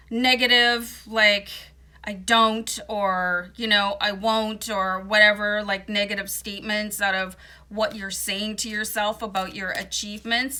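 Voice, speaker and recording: Woman tarot reader, bright forceful tone, slight morning voice, talks in a loose, reassuring way. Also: medium pitch. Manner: chatty, reassuring, many fillers. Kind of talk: casual tarot card reading.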